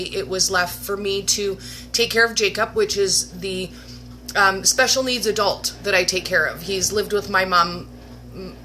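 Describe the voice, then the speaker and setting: A woman hosting a livestream, telling a personal story in a casual, animated way with laughs and mock-dramatic asides. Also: mid-range voice, slight background noise. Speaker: livestream host. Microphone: webcam or phone livestream.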